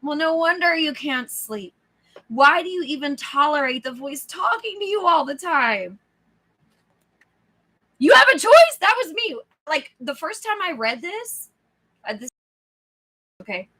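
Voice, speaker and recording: A woman's voice: high-pitched, measured pace. A woman hosting a book club, reading aloud casually, acting out lines, laughing, and checking in with listeners. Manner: animated, acts out the inner voice, laughs often. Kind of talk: live book club reading with chat asides.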